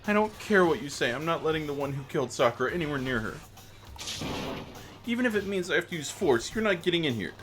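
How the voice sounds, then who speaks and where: A man's voice: a little high, big pitch swings, fast talker, music in the background. A man voicing an athletic teenage girl, grieving and defiant, reading game dialogue in a stubborn, protective way.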